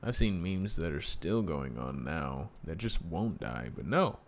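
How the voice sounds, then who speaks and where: A gaming streamer gives casual gameplay commentary over game music, rambling, swearing, and laughing at his own jokes. His voice is very deep, with big pitch swings and a measured pace.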